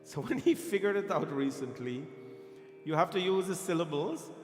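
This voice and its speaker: Playful pandit in an echoey temple hall. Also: male voice, high voice, expressive, normal speed. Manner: playful, quizzes and teases the congregation; coaches Sanskrit pronunciation. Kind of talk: temple sermon with teaching and chanting. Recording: echoey hall with music behind.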